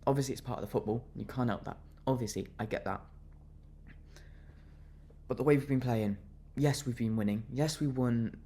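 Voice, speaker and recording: A man's voice: mid-range voice, moderate pace, warm tone. A young man venting his anger in a fan reaction rant, fuming and repeating himself as he vents. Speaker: football fan vlogger.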